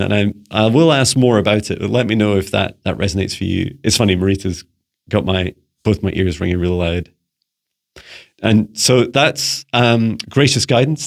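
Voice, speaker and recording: A man's voice: lowish voice, creaky. A man from Scotland, a psychic mentor, answering viewer questions in a rambling casual monologue full of restarts. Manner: rambling, many restarts and fillers; playful beeping noises.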